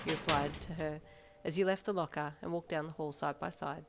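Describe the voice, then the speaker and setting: A woman reading a second-person fanfiction story aloud in steady, plain narration. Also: low voice, brisk, background noise.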